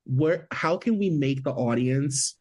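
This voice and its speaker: A man's voice: medium pitch, measured pace, darkish tone, breathy edge. A man co-hosting a podcast, chatting loosely about a film and leaning on "like" a lot. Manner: chatty, heavy on filler "like". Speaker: podcast co-host. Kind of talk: casual movie review chat.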